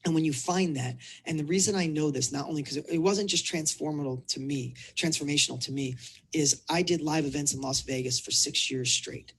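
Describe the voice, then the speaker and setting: A middle-aged man, a coach, telling a personal story in a casual interview, animated and acting out the dialogue. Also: a little high, brisk, slight background noise. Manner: animated storyteller, acts out dialogue, repeats words. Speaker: business and fitness coach telling his story.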